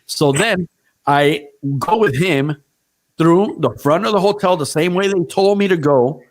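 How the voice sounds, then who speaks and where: A man's voice: sits high, a little slow. A man casually telling a story on a podcast, swearing freely and acting out what other people said.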